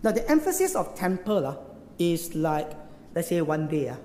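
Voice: mid-range voice, sing-song, moderate pace, dark tone, slight background noise. A preacher with a Singaporean accent giving a sermon, teaching through rhetorical questions and local particles. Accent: Singaporean English. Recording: echoey hall with long reverb.

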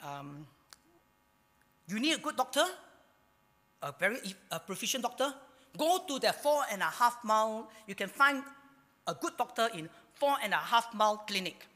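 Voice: medium pitch, very animated, moderate pace, pauses often, sharp tone, big-room sound. A pastor with a Singaporean English accent preaching a sermon, emphatic, asking and answering rhetorical questions.

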